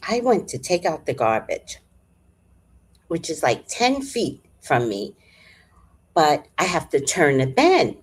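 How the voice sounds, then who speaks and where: A woman with a low, husky voice tells a story in a relaxed vlog chat. Her pitch swings widely as she talks, and she takes her time with a slow, drawn-out delivery. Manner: animated, profane, with frequent sighs and throat-clearing. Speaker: vlogger. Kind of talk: casual storytelling.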